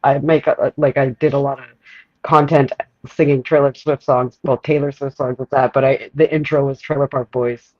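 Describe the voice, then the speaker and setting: A man's voice: mid-range voice, flat delivery, normal speed, no room sound. Quebec-accented man on a dull, dry line. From Canada. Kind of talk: casual chat.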